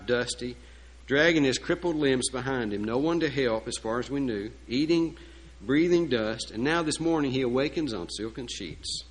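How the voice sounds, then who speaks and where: A man's voice: medium pitch, poor audio. A male preacher delivers a sermon in a storytelling style. He slips in folksy, joking asides and keeps asking rhetorical questions. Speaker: pastor.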